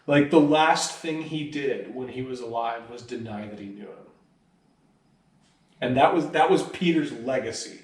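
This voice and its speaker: With a medium-pitched, darkish voice and a measured pace, a pastor tells a story during a conversational sermon in church. He keeps it casual and acts out quoted lines with animation, and the audio is roomy, recorded from a distance.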